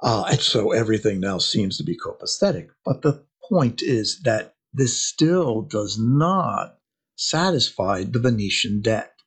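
A man's voice: fairly low pitch, expressive, measured pace, slightly rough. A man giving a history lecture, telling it like a story with rhetorical questions and dramatic emphasis.

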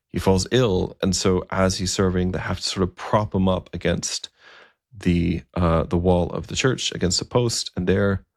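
A man's voice: deep voice, vocal fry, dry recording, studio quality. A man narrating a story in a conversational way, with fillers and asides.

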